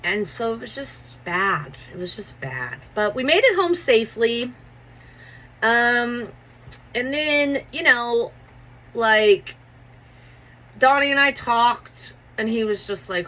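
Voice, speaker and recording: A woman in her forties telling a personal story in a loose, profane, animated way, acting out what people said. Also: on the high side, slow, low-quality recording. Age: 40s. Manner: profane, animated, acts out quotes. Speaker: podcast host. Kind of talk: casual storytelling.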